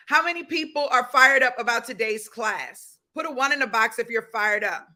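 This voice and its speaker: A woman's voice: a little high, normal speed, few pauses, bright, forceful tone. A woman hosting a livestream business class, hyping up her viewers, greeting them by name and repeating her key points. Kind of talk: energetic livestream coaching.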